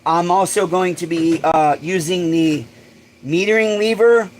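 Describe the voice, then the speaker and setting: A man hosting a casual livestream, excitable and swearing freely, bursting into shouts. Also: high-pitched, a little slow, a little hiss or hum, low-quality recording. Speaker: livestream host.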